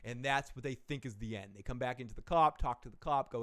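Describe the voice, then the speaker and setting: Animated rambling man, smooth voice. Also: mid-range voice, quick pace, few pauses. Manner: rambling, animated, with self-corrections and swearing; laughs at his own jokes. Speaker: movie reviewer, live-stream host. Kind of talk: casual rambling film recap.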